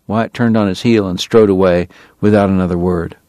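A man reading a novel aloud as its narrator, in a steady, understated way. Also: deep voice, a little fast, no echo. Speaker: audiobook narrator. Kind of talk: scripted narration.

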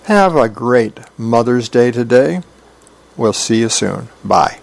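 Volunteer radio reader, man, mid pitch, gravelly, relaxed read-aloud with small fillers. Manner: plain, unhurried storytelling with small fillers. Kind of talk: reading newspaper comics aloud.

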